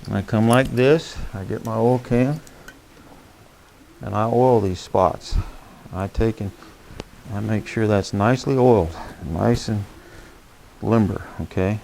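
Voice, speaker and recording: A man's voice: on the low side, measured pace, vocal fry, long pauses, darkish tone, slight background noise. A man demonstrating saddle care beside his horse, talking in a folksy, plain-spoken way and checking in with "okay?" as he works. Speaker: horsemanship instructor. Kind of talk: hands-on demonstration.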